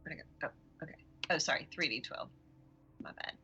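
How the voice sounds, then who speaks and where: A woman's voice: low voice, a little fast, bright, forceful tone, slight background noise. A woman playing a tabletop game, hesitant and full of fillers, often laughing at herself. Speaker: player.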